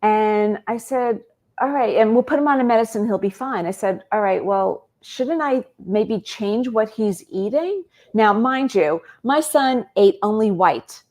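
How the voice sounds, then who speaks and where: A woman, a guest on an interview show, telling a personal story in an animated way and acting out bits of dialogue. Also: medium pitch, unhurried.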